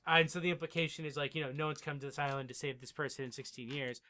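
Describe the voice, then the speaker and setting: A man co-hosting a casual podcast recap, rambling, swearing and acting out scenes in quick impressions. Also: fairly high pitch, fairly even intonation, pushed and bright. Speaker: podcast co-host.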